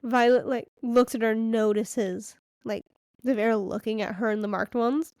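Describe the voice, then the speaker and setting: A woman's voice: fairly high pitch, steady tone, normal speed, a little mellow, no room sound, clean studio sound. A woman co-hosting a podcast, retelling the story in chatty, filler-heavy casual talk. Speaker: podcast co-host. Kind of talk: casual book discussion chat.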